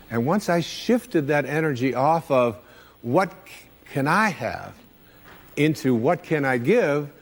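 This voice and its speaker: A man's voice: medium pitch, big-room sound. A man giving an inspirational lecture, speaking animatedly and repeating phrases for emphasis. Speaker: self-help speaker.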